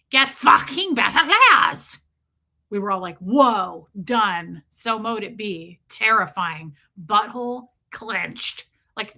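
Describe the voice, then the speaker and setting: A woman hosting a livestream, reading viewer comments and mimicking people in animated put-on voices. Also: mid-range voice. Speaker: livestream host.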